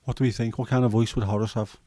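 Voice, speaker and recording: A man in his fifties with a Scouse accent and a hoarse throat, hosting a casual chat livestream in a rambling, jokey way with many fillers. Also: medium pitch, flat delivery, fast talker, dark tone, no echo. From Liverpool, England. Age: 50s. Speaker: livestream host.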